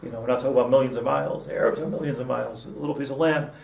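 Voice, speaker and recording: A man's voice: mid-range voice, fairly even intonation, rapid-fire, creaky, a little mellow. A man teaching a casual Torah class, rambling with many restarts and mixing in Hebrew terms. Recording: echoey room, mic at a distance, faint hum.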